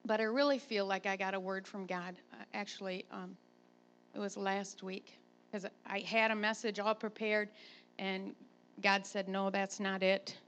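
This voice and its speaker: A woman pastor, a grandmother, preaching a sermon and telling a chatty, animated personal story. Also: mid-range voice, moderate pace.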